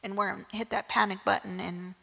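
A woman's voice: medium pitch, steady tone, normal speed, creaky, bright, forceful tone, husky, in a large hall. A woman preaching a casual sermon, telling the story in a chatty way with frequent "right?" asides.

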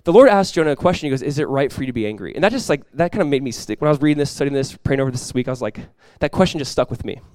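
A male pastor delivers a sermon at a rapid clip in a slightly high voice, casual and animated, tossing in quick voiced asides. The audio is dry and close, with no echo.

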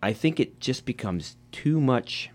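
A man on a casual gaming podcast who talks in a measured, reflective way. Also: medium pitch, expressive, a little mellow.

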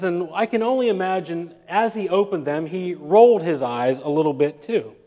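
A man's voice: high-pitched, darkish tone. A male pastor preaching a sermon in a church, telling a humorous story and acting out the dialogue. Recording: long reverb of a church hall.

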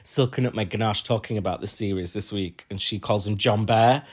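A man from Huddersfield with a Yorkshire accent, co-hosting a casual podcast chat, telling stories with deadpan jokes. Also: fairly low pitch, fairly quick, breathy edge. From Huddersfield, England. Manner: chatty storyteller, deadpan jokes. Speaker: podcast co-host.

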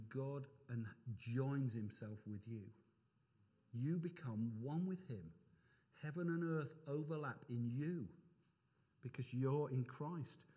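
A man preaching a sermon as pastor, animated and emphatic, with asides to his congregation. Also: fairly high pitch, slightly rough. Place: church.

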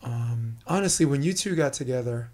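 A middle-aged man with a New York accent, hosting a casual interview and talking fast and animatedly. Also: mid-range voice, lively intonation, a little mellow. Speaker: podcast host.

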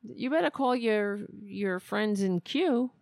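A woman's voice: mid-range voice, animated, slow pace, darkish tone, no room sound, clean studio sound. A woman hosting a podcast, giving sarcastic, mocking, profane political commentary. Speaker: podcast host.

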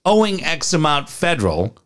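A man co-hosting a talk radio show launches into profane, animated stories. His voice sits a touch high and leaps all over the place as he vents. He slides straight back into live ad reads. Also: normal speed. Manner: profane, animated storytelling rants. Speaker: radio co-host.

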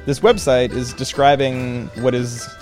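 A man's voice: medium pitch, steady tone, measured pace, darkish tone, faint music behind. A man telling a personal travel story in a casual, chatty way, with lots of ums and you-knows. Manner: casual and chatty, with many fillers.

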